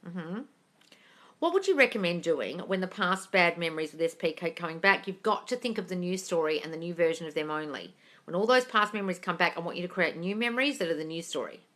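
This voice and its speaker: Bright-voiced woman answering viewers. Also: lowish voice, animated, fast. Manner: warm, gushing, calls viewers darling. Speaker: host answering live viewer questions. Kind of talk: casual live-stream chat.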